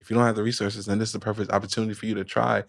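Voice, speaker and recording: A man's voice: on the low side, flat delivery, racing, vocal fry, dry recording, clean studio sound. A man who is a podcast guest, giving loose, casual advice with many fillers and restarts.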